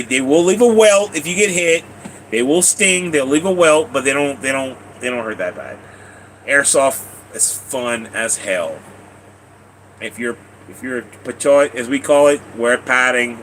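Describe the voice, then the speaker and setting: Man, live streamer, rambling casual storytelling, repeats words, swears casually, crisp bright tone. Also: medium pitch, slight background noise, poor audio. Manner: rambling and repetitive, casual swearing, laughs often.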